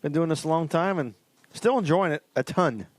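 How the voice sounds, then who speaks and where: A man's voice: fairly high pitch, dry recording. Dry-voiced male race commentator. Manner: relaxed, chatty, halting. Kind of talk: broadcast commentary.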